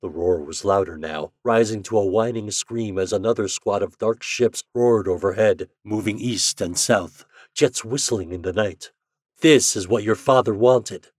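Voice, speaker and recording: A man narrating a dramatic story in a steady voice, building intensity as he goes. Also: lowish voice, moderate pace, few pauses, no echo, studio quality.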